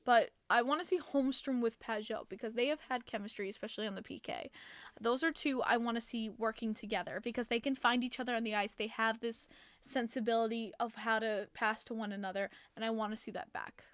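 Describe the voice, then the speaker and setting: A woman's voice: fairly high pitch, steady tone, fairly quick, a bit bright, dry recording. A young woman hosting a casual hockey podcast stream, chatty and opinionated, answering chat and sounding tired. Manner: chatty, opinionated fan reading chat comments. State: tired, yawning. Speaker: podcast host.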